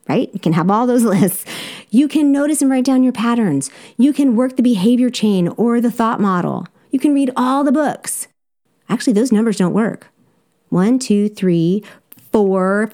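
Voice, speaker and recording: A Southern-accented life coach hosts a solo podcast, speaking directly and encouragingly to her listeners and laughing easily. Her voice is medium-pitched and warm.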